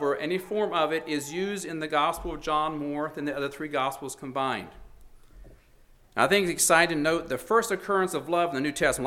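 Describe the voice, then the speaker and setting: A man preaching a sermon with a bright, forceful voice that sits a bit high for a man. He is earnest and emphatic, building up for emphasis and then dropping down again.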